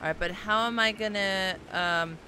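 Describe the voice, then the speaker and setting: Hoarse woman reacting as she plays. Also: mid-range voice, normal speed, bright, forceful tone, a little hiss or hum. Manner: reactive, exclaiming, talks to the game. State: hoarse, losing voice. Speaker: let's play gamer. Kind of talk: gameplay commentary.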